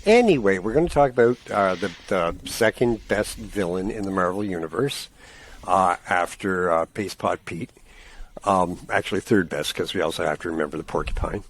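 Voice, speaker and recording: A man's voice: low-pitched, normal speed. A man co-hosting a casual comic-book podcast, reading plot summaries aloud and cracking joking asides. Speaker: podcast co-host.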